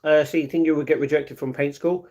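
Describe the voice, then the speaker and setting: A young man with a London accent, chatting quickly and rambling as he reads and answers his live chat. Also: a little high, steady tone, a little mellow. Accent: London English. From England. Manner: fast, chatty, rambling with fillers. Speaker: live streamer.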